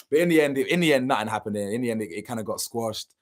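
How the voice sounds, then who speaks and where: A man's voice: medium pitch, animated, racing, few pauses. A young man, telling a story casually and animatedly, full of slang and swearing, acting out what people said. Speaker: channel host.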